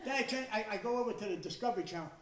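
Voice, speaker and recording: Loud high-voiced older male stand-up comic. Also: racing, noisy background. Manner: loud, animated, stammering restarts, shouted punchlines. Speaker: stand-up comedian. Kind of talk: stand-up comedy routine. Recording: echoey room, voice from some distance.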